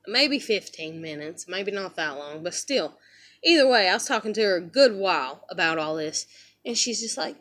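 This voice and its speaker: A woman's voice: mid-range voice, fairly quick, fairly bright tone. A woman venting bitterly in a vlog, swearing heavily and rambling with lots of fillers. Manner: heavy swearing, rambling with "you know" fillers; bitter and heated. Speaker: vlogger. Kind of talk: angry personal rant.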